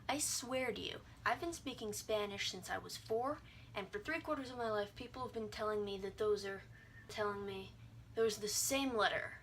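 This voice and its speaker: A woman's voice: medium pitch, fairly bright tone, slight background noise. A young adult woman giving a casual video lesson, breezy and irreverent, sounding out vowels and words as she explains. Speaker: language teacher.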